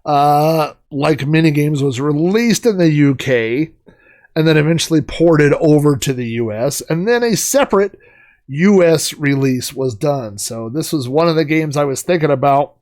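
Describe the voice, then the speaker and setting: A middle-aged man with a slightly high voice chats through a long anecdote while gaming. His delivery is loose and rambling, full of fillers and asides. It sounds like a relaxed host talking over gameplay. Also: normal speed. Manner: rambling, chatty, with many fillers and laughs. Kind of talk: casual anecdote while playing a game.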